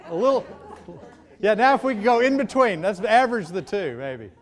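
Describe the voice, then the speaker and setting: A man coaching speakers in a live public speaking workshop, brisk and encouraging, giving direct feedback. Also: high-pitched, big pitch swings, some chatter behind. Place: seminar room. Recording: echoey room, faint background noise.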